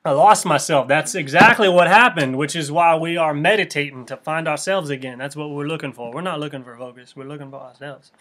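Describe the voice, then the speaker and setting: A man improvising a mock meditation lesson in a deadpan, halting way, with frequent restarts. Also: on the high side. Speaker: comedic meditation instructor. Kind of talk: improvised parody monologue.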